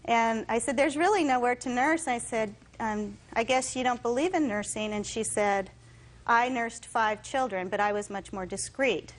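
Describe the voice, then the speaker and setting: A woman testifying in court, telling her story in an animated way and acting out what others said. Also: fairly high pitch, moderate pace, rough recording. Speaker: litigant in court.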